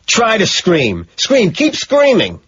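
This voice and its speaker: A man's voice: wildly swooping pitch, takes it slowly, lo-fi sound, a little hiss or hum, exaggerated voice. A man playing a shrieking, gloating madman. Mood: frenzied. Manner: shrill, frenzied shouting. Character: unhinged young man, gloating and cruel.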